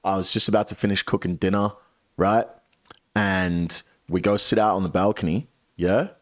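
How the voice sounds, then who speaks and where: A young man streamer telling a story in a casual way, animated and swearing a lot. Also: deep voice, normal speed, no echo, studio quality.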